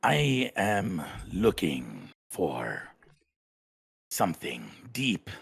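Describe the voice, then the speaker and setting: A man voicing a gruff, blunt male dwarf adventurer who speaks slowly and deliberately, with folksy words like aye and laddie. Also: low voice, wildly swooping pitch, full character voice.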